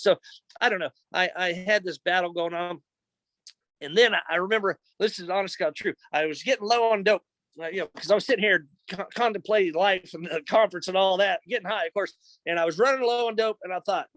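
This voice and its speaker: A man's voice: high-pitched, fast, fairly bright tone, no echo, low-quality recording. A middle-aged man sharing a personal testimony in his office, earnest and emotional, retelling events in a conversational way. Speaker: speaker sharing a recovery testimony.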